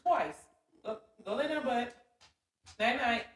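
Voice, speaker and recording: Lively woman in an echoey room. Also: on the high side, takes it slowly. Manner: defensive, teasing back. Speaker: host's companion. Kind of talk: casual off-camera banter.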